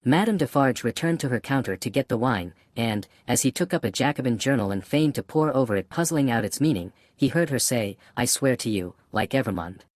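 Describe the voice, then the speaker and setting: A man narrating a classic novel as an audiobook in a measured reading style. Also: medium pitch, animated, a little mellow, no echo, clean studio sound. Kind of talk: scripted narration.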